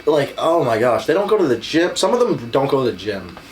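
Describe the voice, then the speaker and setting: A man's voice: mid-range voice, sing-song, brisk, slight background noise. A young man co-hosting a casual chat show, brash and joking, swearing freely. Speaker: podcast co-host.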